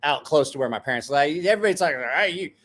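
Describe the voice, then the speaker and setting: A middle-aged man from a small rural town, hosting and telling profane, animated stories in casual chat. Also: fairly high pitch, fast talker. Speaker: host.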